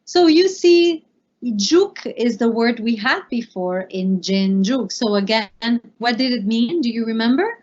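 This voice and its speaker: A woman's voice: on the high side, lively intonation, measured pace, darkish tone. A woman co-hosting a language lesson, explaining in a friendly way and putting questions to the learners. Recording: dull lo-fi audio.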